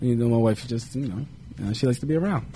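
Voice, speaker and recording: A man's voice: mid-range voice, quick pace, slight background noise. A young man, co-host of a casual podcast, talking loosely, laughing often and acting out little quotes as he tells stories. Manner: laughs often, animated storytelling with put-on quotes. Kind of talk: casual chat.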